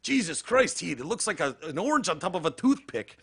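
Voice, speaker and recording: A man's voice: high-pitched, big pitch swings, fairly quick, gravelly, fairly bright tone, a little hiss or hum. A man co-hosting a podcast in casual, profane, rambling chat. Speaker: podcast co-host.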